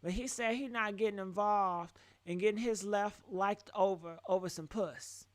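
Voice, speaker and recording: A woman host giving casual commentary, slow and deliberate, repeating herself. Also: medium pitch, dry recording.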